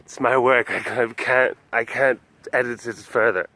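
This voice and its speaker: A young man putting on the voice of a stubborn older male author who flatly refuses to budge. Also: mid-range voice, measured pace, voice pushed down.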